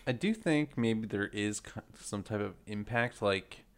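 A man with a very deep voice co-hosting a casual podcast, musing aloud in a rambling, hesitant way full of fillers. His tone is smooth and clear. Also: a little slow. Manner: rambling, hesitant, many fillers like "like" and "you know". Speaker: podcast co-host.

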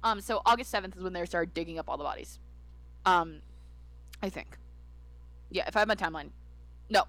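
A woman's voice: fairly low pitch, fairly bright tone. A young woman co-hosting a podcast, reading case notes and chatting frankly. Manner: brisk, reads notes then chats frankly. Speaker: podcast co-host.

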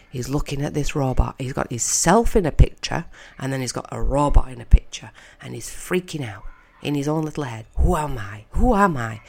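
A woman's voice: low-pitched, gravelly. A woman giving casual, wry commentary as she narrates a film, chatting and thinking aloud. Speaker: audio narrator.

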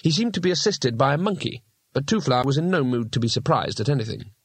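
A man narrating an audiobook, reading with expressive storytelling delivery. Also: mid-range voice, quick pace, slightly rough, dry recording. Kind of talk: scripted narration.

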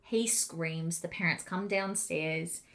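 A woman co-hosting a podcast, telling a haunting story in a casual, animated way with quick asides. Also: on the low side. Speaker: podcast co-host.

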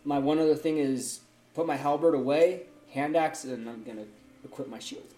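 A man's voice: a little high, moderate pace, dark tone, echoey room. A man playing a tabletop game, rambling with lots of fillers. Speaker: player. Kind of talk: casual game chat.

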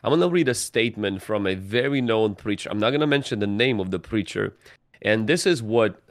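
A man with a lowish voice giving a careful, measured answer on a podcast, hesitating now and then. The sound is dry and close, with no room around it. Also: animated, dry recording. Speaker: podcast guest. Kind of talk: podcast discussion.

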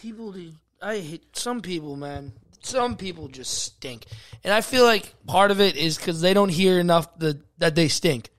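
A man co-hosting a casual podcast, giving blunt, crude opinions and muttering low asides. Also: normal speed, a bit bright. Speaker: podcast co-host. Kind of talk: casual chat.

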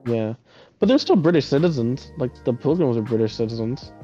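A man's voice: mid-range voice, expressive, brisk, warm tone, soft background music. A young man co-hosting a podcast over a voice call, chatting casually, slangy and swearing freely, his voice a little dull and lo-fi. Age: young adult. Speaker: podcast co-host. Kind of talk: casual chat. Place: home, on a voice call. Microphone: computer mic over a voice call.

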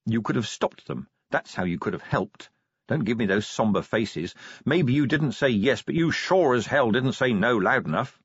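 Brief: a man as a middle-aged watch commander for an audiobook, curt and barely contained, husky and dry. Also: mid-range voice, expressive, normal speed, no echo, dull audio. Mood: angry. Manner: curt, sarcastic, barely holding his temper.

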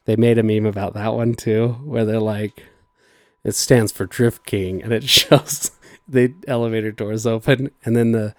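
A man's voice: fairly low pitch, fairly even intonation, normal speed, no echo, studio quality. A man hosting a casual podcast chat, rambling and laughing as he retells scenes. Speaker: podcast host.

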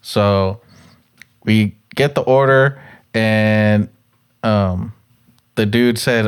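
A young man telling a story in slangy, animated casual chat. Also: slow pace, pauses often, clean tone. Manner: slangy, animated, jumps into high voices for quotes.

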